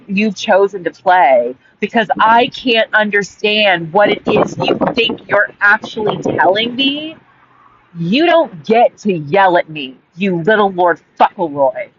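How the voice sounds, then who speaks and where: A woman's voice: medium pitch, lively intonation, measured pace, a bit bright, slightly rough. A woman host telling a personal story in a heated, rambling monologue full of swearing. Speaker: author and podcast host. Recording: dull audio with faint background hiss.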